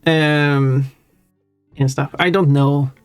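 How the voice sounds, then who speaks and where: Slow, rambling streamer over soft music. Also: mid-range voice, steady tone, clean tone, no echo. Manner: rambling, musing, self-deprecating. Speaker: live streamer. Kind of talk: casual chat while drawing on stream. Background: faint chill background music.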